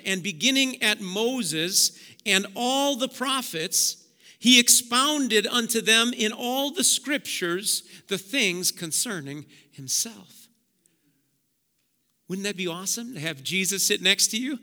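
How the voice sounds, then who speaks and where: A male pastor preaching a sermon, swinging between hushed low passages and loud emphatic bursts. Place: church sanctuary. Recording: long church hall reverb.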